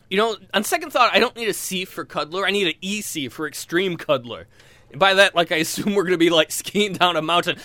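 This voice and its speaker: A young man from West Virginia with a West Virginia accent, doing a crude stand-up comedy set and jumping into shrill put-on voices. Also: lively intonation, moderate pace, bright, forceful tone, no room sound.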